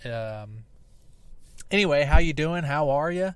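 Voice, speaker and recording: A man's voice: fairly high pitch, expressive, measured pace, pauses often, fairly bright tone, no echo. Profane man in his thirties podcasting. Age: 30s. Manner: profane, rambling, self-deprecating. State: recovering from back surgery. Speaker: podcast host. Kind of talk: casual solo podcast monologue. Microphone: laptop mic on a video call app, close and popping. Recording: hot, crisp, poppy laptop mic.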